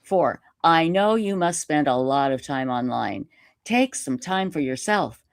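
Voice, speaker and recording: A woman live streamer telling a story in casual interview chat, animated and self-mocking, laughing often. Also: deep voice, unhurried, dry recording, studio quality. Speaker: YouTube live streamer reading a letter.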